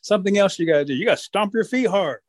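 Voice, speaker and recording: A man voicing a quick-witted male trickster rabbit in a told folk tale, pleading and bossing the listeners. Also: high voice, animated, no echo, studio quality, pitched above the performer's own voice. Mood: bossy. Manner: pleading, fast-talking. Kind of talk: oral storytelling.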